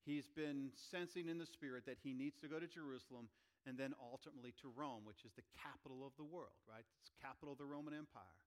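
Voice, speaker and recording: A man preaching a sermon, animated, acting out quoted voices with rising pitch and volume. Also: fast. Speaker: pastor.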